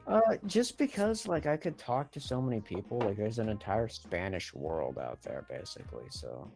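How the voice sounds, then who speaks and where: Low-voiced young guy, very animated pitch, playful and goofy, music behind. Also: normal speed, creaky. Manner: playful, goofy, self-mocking. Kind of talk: casual gaming chat.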